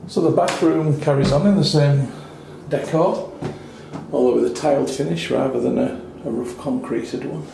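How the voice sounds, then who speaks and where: A man's voice: mid-range voice, steady tone, normal speed, gravelly. Wry man touring a hotel room. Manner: chatty and wry, with dry asides. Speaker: travel reviewer. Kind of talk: casual hotel room walkthrough. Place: small hotel room, indoors. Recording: echoey small room with faint noise.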